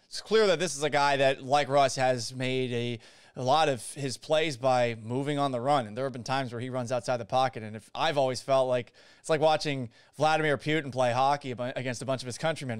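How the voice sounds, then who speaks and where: A man hosting a sports podcast, asking his guest measured, probing questions. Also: medium pitch, clean tone, no echo, studio quality. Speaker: podcast host. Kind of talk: casual podcast interview.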